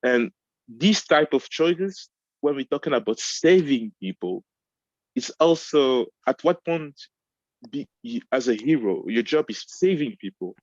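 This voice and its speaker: A man co-hosting a casual discussion, talking haltingly, often restarting and searching for words. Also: medium pitch, animated, no room sound, lo-fi sound.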